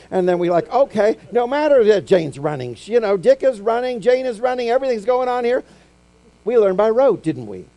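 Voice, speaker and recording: A middle-aged male preacher delivers a storytelling sermon in a lively, sing-song voice that sits slightly high. His tone stays dark and mellow, and he moves easily between loud, acted-out lines and quiet, intimate moments. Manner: animated storytelling preacher, acting out quotes with big swings from loud to hushed. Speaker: pastor.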